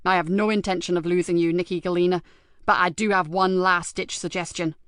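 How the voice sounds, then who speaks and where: A woman reading an audiobook, voicing a gruff, loyal male police superintendent in a blunt, dry, fatherly manner. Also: fairly low pitch, steady tone, a little fast, dry recording, close to an everyday voice. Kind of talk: audiobook character voice.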